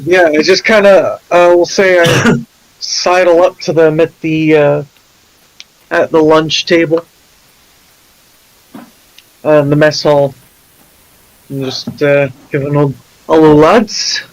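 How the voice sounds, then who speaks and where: A man's voice: a little high, steady tone, slow pace, pauses often, rough recording. A man playing a tabletop game over an online call, hesitant and joking. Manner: hesitant, joking, many fillers. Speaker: player. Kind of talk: casual tabletop game play.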